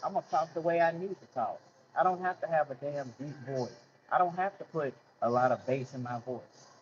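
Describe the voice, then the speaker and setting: A man's voice: fairly high pitch, fairly quick, muffled recording. A man ranting bluntly and heatedly in a candid monologue, swearing freely as he tells his own story. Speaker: vlogger telling his life story.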